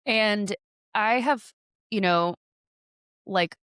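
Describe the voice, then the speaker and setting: A woman's voice: medium pitch, very slow, a bit bright, clean tone, dry recording, studio quality. A woman co-hosting a podcast, speaking candidly and sympathetically in a rambling casual chat. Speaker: podcast co-host.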